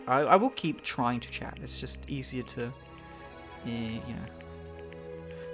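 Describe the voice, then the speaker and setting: A streamer chatting casually with viewers and laughing often while playing a visual novel. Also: mid-range voice.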